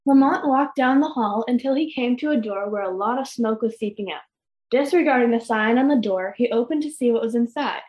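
A woman reading a children's story aloud, gentle and expressive, with small stumbles. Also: fairly high pitch, fairly quick. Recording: dull lo-fi recording.

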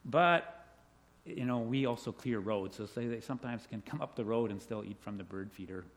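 A middle-aged man telling children a story, animated, asking them questions and laughing along with them. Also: fairly low pitch, moderate pace. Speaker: children's talk leader. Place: indoors with a group of children.

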